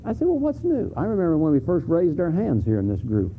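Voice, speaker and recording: A middle-aged man preaching to his congregation in a church sanctuary, candid and conversational, with frequent restarts and sudden emphatic climbs. His voice has a gravelly edge. The recording is thin and phone-like, with a faint hiss underneath. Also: fairly high pitch, very animated, fast. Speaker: pastor. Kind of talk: sermon.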